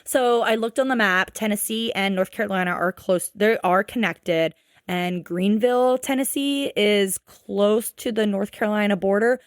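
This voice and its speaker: A woman co-hosting a podcast, recapping a show in casual chat, animated and swearing freely. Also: mid-range voice, moderate pace, smooth, no echo, studio quality. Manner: animated, swearing, acts out quotes. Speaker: podcast co-host.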